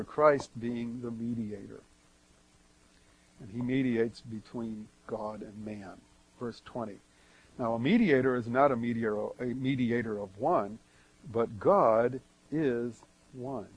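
A man preaching verse by verse, reading scripture aloud and then explaining it, with strong swings between loud and soft. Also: medium pitch, slow, husky, poor audio. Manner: emphatic swings in loudness. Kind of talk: verse-by-verse Bible teaching.

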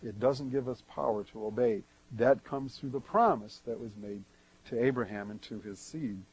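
A man preaching verse by verse, reading scripture aloud and then explaining it, with strong swings between loud and soft. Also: medium pitch, moderate pace, slightly rough, rough recording. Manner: emphatic swings in loudness. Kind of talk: verse-by-verse Bible teaching.

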